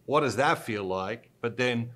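A middle-aged man interviewing a guest, asking questions in a measured, deliberate way. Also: mid-range voice, fairly bright tone.

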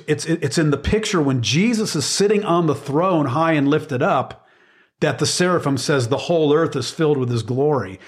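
Middle-aged man, plain mid-range voice, earnest conversational Bible teacher, emphatic with frequent restarts. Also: mid-range voice. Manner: earnest, emphatic, repeats words while searching for phrasing.

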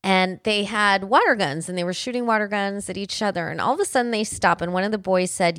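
A woman's voice: medium pitch, a little fast, hardly any pauses, a bit bright, no room sound. A woman in her forties hosting a podcast, telling family stories in an earnest, conversational way with frequent restarts. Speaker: podcast host. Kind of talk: casual podcast monologue.

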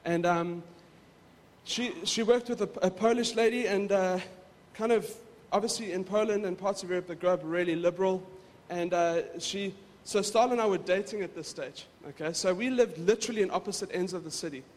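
High-voiced pastor in a reverberant hall. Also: male voice, a little fast, a little mellow. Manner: conversational, rambling, repeats words. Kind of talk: casual sermon.

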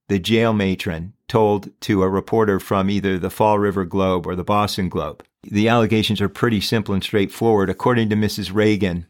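A man hosting a true crime podcast, talking emphatically and firing off rhetorical questions. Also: lowish voice. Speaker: podcast host.

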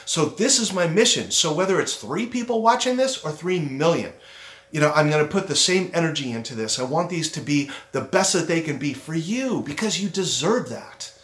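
A middle-aged man hosting a motivational self-esteem talk. He speaks earnestly, slows down to stress his points, and acts out his own inner critic. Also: on the high side, expressive, fairly bright tone. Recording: roomy echo.

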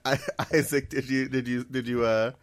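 A man co-hosting a casual gaming podcast, animated and incredulous, often laughing and swearing. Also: medium pitch, moderate pace, dry recording. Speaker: podcast co-host.

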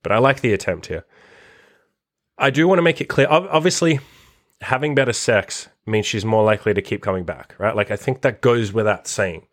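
A man's voice: on the low side, a little fast. A man hosting a casual podcast monologue, blunt and profane, swearing constantly as he reacts to a list. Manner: animated, reacting to a written list. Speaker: podcast host and dating coach.

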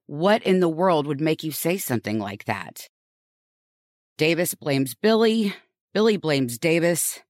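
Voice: medium pitch, lively intonation, unhurried, no room sound. Podcast host, true-crime narration, rhetorical questions, mid-range voice, dead dry sound. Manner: earnest, reflective, asks rhetorical questions.

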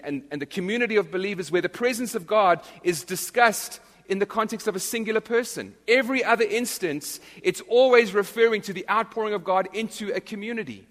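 A male pastor preaches a sermon earnestly and emphatically, frequently restarting his phrases. His voice sits high with a somewhat bright tone, and the recording carries the long reverb of a large hall.

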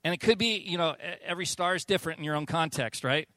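Male pastor, high voice, dry close sound, lively storyteller preaching in church. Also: fast talker, dry recording. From Southern California. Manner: animated storytelling, acts out quotes. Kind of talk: sermon.

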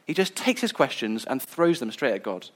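Male preacher, sermon, earnest, conversational, mid-pitched. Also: sing-song, moderate pace. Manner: earnest, conversational, some restarts.

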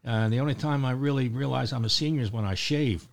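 A man's voice: mid-range voice, fast, creaky. An older man with a Baltimore accent hosting a casual morning chat, rambling and joking with many fillers. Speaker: host.

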